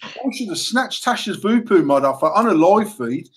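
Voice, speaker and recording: A man, co-hosting a casual banter podcast, talking in a sweary, excitable way and laughing often. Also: sits high, moderate pace, low-quality recording. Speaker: podcast co-host, mod company owner.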